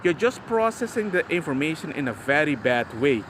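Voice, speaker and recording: A man's voice: a little high, big pitch swings, a little fast, background noise. A father talking casually to the camera about raising his son, chatty and emphatic, and he calls the viewer bro. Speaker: father sharing parenting advice.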